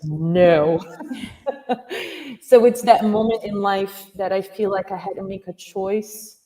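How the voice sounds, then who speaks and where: A woman guest telling a personal story in a casual chat, animated and quick to laugh. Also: medium pitch, distant mic.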